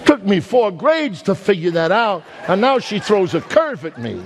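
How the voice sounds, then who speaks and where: A man with a Brooklyn accent preaching a sermon, emphatic, swinging between high loud peaks and slow low words. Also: sing-song, a crowd in the background, noisy background. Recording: long hall reverb.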